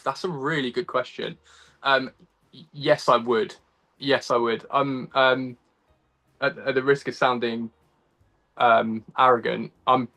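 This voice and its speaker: A man's voice: mid-range voice, pushed and bright. A young man from England with an English accent, a guest chatting casually in an interview over a video call, laughing often and full of ums and restarts.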